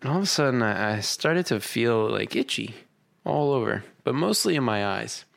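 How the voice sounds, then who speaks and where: A man's voice: mid-range voice, lively intonation, normal speed, gravelly, fairly bright tone. A young man in his twenties, co-hosting a casual comedy podcast and telling rambling stories full of quoted asides. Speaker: podcast co-host.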